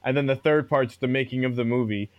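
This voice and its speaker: A man's voice: medium pitch, a little fast, no room sound, highs cut off. A man co-hosting a podcast, eagerly laying out his take on a movie in casual chat. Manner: eager, lays points out step by step. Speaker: podcast co-host. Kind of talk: casual chat, film discussion.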